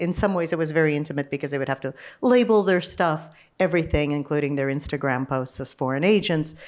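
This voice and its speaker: A woman documentary filmmaker speaking reflectively on a festival panel, halting often with "you know". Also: deep voice, a little mellow.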